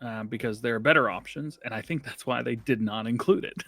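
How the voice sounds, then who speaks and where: A man's voice: medium pitch, brisk, sharp tone, no room sound, clean studio sound. Chatty rambling man on a podcast. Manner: chatty, rambling, laughs often. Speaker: podcast co-host. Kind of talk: casual gaming podcast chat.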